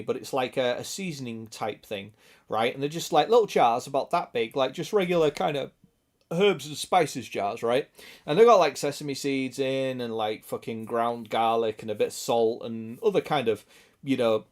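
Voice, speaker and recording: A man with a British accent chatting casually on a gaming stream, sweary and chuckling as he talks to his viewers. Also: mid-range voice.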